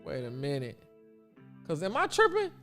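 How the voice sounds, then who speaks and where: A man's voice: fairly high pitch, huge pitch swings, moderate pace, a bit bright, soft background music. A man from Chicago hosting a casual sports livestream, chatty and answering his viewers' chat aloud. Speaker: livestream host.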